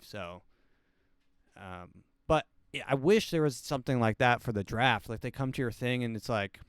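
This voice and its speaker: A man in his twenties, a podcast host, talking in a rambling, hesitant way with deadpan jokes. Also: on the low side, brisk, smooth, no room sound. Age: 20s. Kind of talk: casual solo commentary.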